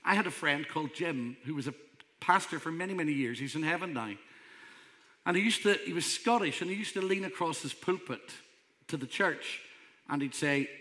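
A man's voice: on the high side, brisk, sharp tone. A man preaching a sermon as pastor, emphatic and conversational. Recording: long hall reverb.

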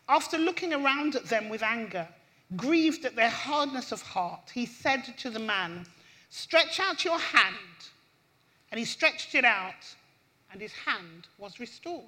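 High, bright-voiced woman preaching. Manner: impassioned, rising pitch on emphasis. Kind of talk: sermon with scripture reading.

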